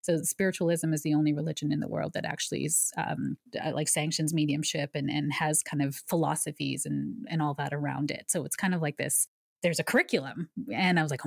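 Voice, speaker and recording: Low gravelly-voiced woman telling her story. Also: brisk, no echo, clean studio sound. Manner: earnest, explanatory, with lively asides. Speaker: guest, psychic medium. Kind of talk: conversational podcast storytelling.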